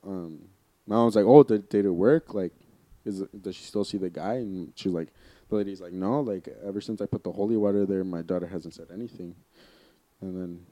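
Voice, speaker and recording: A young man spins a spooky tale in loose, rambling chat, voice sitting low and mellow. The sound is dry and close, with no room around it. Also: dry recording. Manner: rambling, heavy filler "like", swearing. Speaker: podcast co-host. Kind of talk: casual chat, storytelling.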